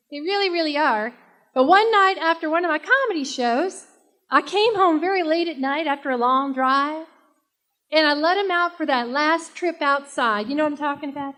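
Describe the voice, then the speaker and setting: Brash high-voiced woman doing stand-up. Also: a bit bright. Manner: brash, chatty, works the crowd. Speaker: stand-up comic. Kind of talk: stand-up comedy set. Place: live comedy stage.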